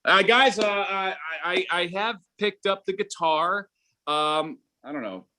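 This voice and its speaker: A middle-aged man doing a stand-up comedy set, rambling and halting, with lots of fillers and restarts. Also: sits high, bright, forceful tone, a little hiss or hum.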